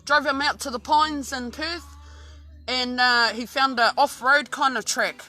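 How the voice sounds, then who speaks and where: A woman's voice: high voice, fairly even intonation, measured pace, sharp tone. An Australian woman telling a story casually, swearing constantly and restarting her sentences often. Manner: heavy swearing, rambling with many restarts. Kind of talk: casual true-crime storytelling.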